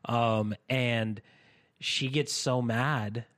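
A man's voice: medium pitch, fairly even intonation, very slow, a bit bright. A young man co-hosting a podcast, telling stories in casual chat with lots of fillers and frequent laughter. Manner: chatty storytelling, laughs often, many fillers. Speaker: podcast co-host.

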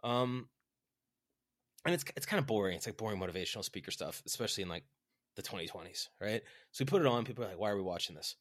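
A man's voice: animated, fast, dry recording, studio quality. A man chatting casually as a podcast host, rambling with many fillers like "right?" and "like". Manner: acts out quoted voices with big pitch jumps. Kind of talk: casual chat.

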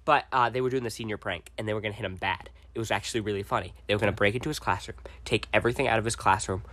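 A young man sits at the mic telling a story from his school days, animated and quick to laugh. His voice is bright and forward. It sounds close and dry. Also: lowish voice, no echo. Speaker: podcast co-host. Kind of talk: casual storytelling chat.

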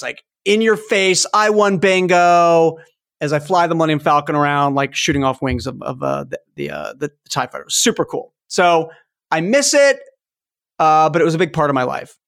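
A man in his fifties hosting a podcast, telling childhood stories in a casual, animated way. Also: a little high, a little fast, creaky. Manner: animated storytelling, acts out toy sounds. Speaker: podcast host. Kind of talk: casual chat.

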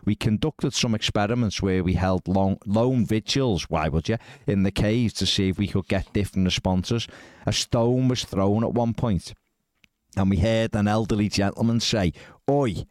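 Male podcast host, lowish voice, dry close sound, sardonic reader. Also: moderate pace, a little mellow, no room sound. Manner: wry, incredulous asides while reading. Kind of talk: casual podcast chat, reading out news stories.

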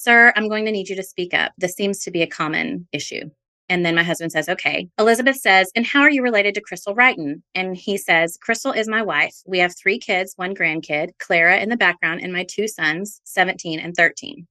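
A woman hosting a podcast about her own court case, reading trial testimony and social media posts aloud in a measured, even way. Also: mid-range voice.

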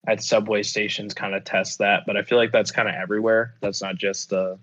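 A man's voice: on the low side, little pitch movement, brisk, fairly bright tone. Rambling, profane man, lo-fi. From United States. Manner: rambling, profane, many fillers and restarts. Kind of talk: casual storytelling chat.

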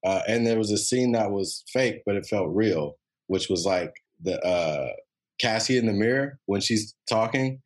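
Man, low voice, casual rambling chat, lots of fillers, podcast co-host. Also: moderate pace. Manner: relaxed, rambling, many fillers. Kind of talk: casual chat about a TV show.

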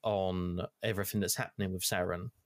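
Young guy, low voice, dry sound, rambly casual gamer chat with swearing. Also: steady tone, brisk, no room sound. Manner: rambling, filler-heavy storytelling, swears casually. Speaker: gamer recapping play.

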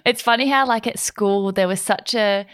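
A woman's voice: medium pitch, normal speed, smooth. Bubbly woman host. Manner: bubbly, enthusiastic, says "like" often. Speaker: interview host. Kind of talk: casual interview chat.

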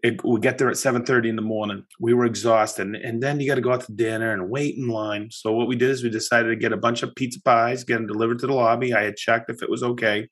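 A man's voice: medium pitch, fast, hardly any pauses. Chatty male podcast host telling stories. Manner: animated storytelling, chatty with many restarts. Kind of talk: casual chat.

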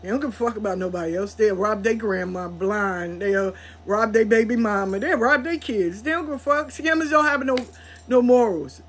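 A woman hosting a podcast, telling a story in a blunt, profane, animated way. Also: medium pitch, normal speed, husky. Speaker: podcast host. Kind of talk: casual storytelling monologue.

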